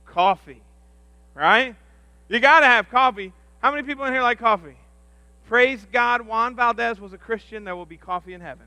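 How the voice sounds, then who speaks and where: A man on a church's staff giving a humorous sermon, telling self-deprecating stories in an animated, jokey way. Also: very high-pitched, moderate pace, no room sound. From rural upbringing.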